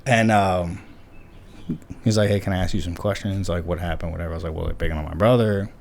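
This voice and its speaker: A man's voice: deep voice, fast talker, gravelly, a little hiss or hum. Swearing man telling a fight story. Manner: swearing, animated storyteller acting out quotes. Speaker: podcast co-host. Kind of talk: casual storytelling chat.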